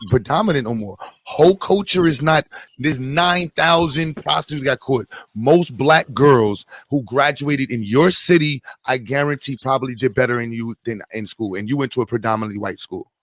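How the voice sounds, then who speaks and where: A man hosting a stream, heated and blunt, swearing freely as he argues his point. His voice sits at a middle pitch and sounds dry and close, with no room behind it. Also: normal speed, dry recording. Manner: blunt, profane, argumentative. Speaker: stream host. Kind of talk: heated casual reaction chat.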